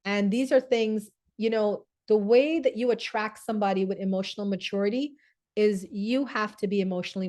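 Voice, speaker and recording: A woman's voice: mid-range voice, darkish tone. A woman hosting a live-stream wellness talk, chatty, answering viewer comments and often asking "right?". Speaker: host.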